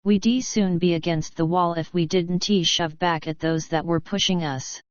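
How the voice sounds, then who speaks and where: A woman voices a gruff, suspicious male lodge boss who is blunt and hot-tempered, in a dull lo-fi recording with no room sound. Her natural voice is lowish, at normal speed with fairly even intonation.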